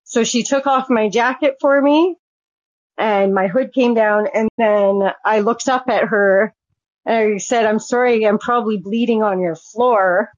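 A woman's voice: fairly high pitch, measured pace, dry recording. Blunt woman telling her own story. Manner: frank, blunt, swears freely. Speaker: guest. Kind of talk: personal storytelling. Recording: dull, dry lo-fi sound.

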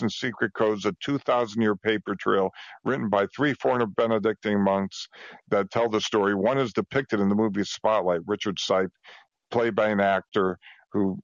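A man talking fast and emphatically as a guest, piling on example after example. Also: lowish voice, no room sound, lo-fi sound. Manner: rushed, emphatic, piles on examples. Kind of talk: fast conversational testimony.

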